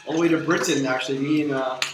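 A man's voice: medium pitch, steady tone, fast talker. A man hosting a casual podcast, upbeat and keeps calling out to his listeners. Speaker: podcast host. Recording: roomy room with loud music behind.

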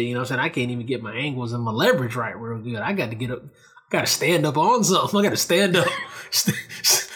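A man's voice: mid-range voice, fairly bright tone. A man in casual podcast chat who restarts his sentences, swears freely and keeps checking in with "you know what I'm saying.".

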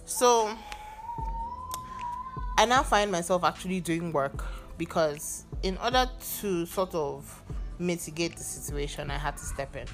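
A young Nigerian woman hosting her own podcast, venting in an exasperated, animated way and swearing now and then. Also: on the low side. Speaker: podcast host. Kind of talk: casual solo venting monologue.

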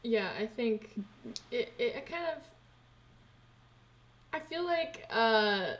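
A woman's voice: a little high, animated, slow pace, a bit bright. A young woman co-hosting a casual chat, rambling and giggly, often breaking off mid-sentence. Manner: rambling, self-interrupting, giggly. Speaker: podcast co-host.

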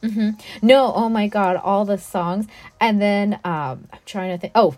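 A young woman in casual conversation, gushing with enthusiasm and scattering fillers as she talks. Her voice sits at an ordinary middle pitch. The recording is dry, with almost no room sound. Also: moderate pace, darkish tone, no room sound. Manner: chatty, enthusiastic, lots of fillers. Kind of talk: casual chat.

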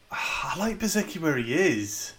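Lively, teasing higher-voiced man. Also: slow pace. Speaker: podcast co-host. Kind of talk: casual chat.

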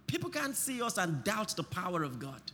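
A man preaching a sermon, impassioned, breaking into shouts and having the congregation repeat lines after him. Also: sits high, very animated, normal speed, long reverb tail, a little hiss or hum.

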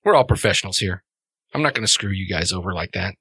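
A man voicing a gruff, foul-mouthed male orc who works a food truck in a tabletop game. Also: low-pitched, lively intonation, fast, sharp tone, dry recording, voice pushed down, exaggerated voice. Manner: profane, brash.

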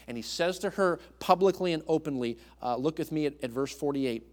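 A man preaching a sermon as a guest speaker. He swings between hushed, tender passages and loud, emphatic ones, often restarting and stumbling over words. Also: on the high side, moderate pace.

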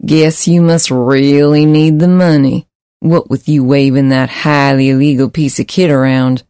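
Nasal, mocking male pimp, read by a man, mellow dry audiobook voice. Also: medium pitch, flat delivery, measured pace, clear, resonant tone, no echo, lightly acted. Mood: smug mocking. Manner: sly and mocking. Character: nasal, smug male pimp speaking through a bot.

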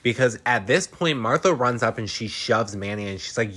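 Animated man recapping a movie. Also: mid-range voice, normal speed, few pauses, husky. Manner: animated, laughs often, swears freely, dramatic asides. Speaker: podcast host recapping a film. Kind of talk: casual film recap.

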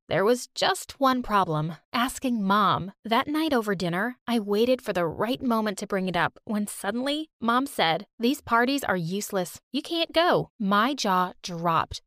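A woman's voice: on the high side, a bit bright, no echo, clean studio sound. A woman reading a scripted first-person story in an earnest, dramatic way. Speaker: narrator.

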